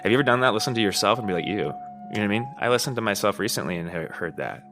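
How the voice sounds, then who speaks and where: A man's voice: lowish voice, lively intonation, rapid-fire, music in the background. A man hosting a podcast, talking casually in a rambling monologue, swearing, laughing and often asking "you know what I mean?". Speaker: podcast host.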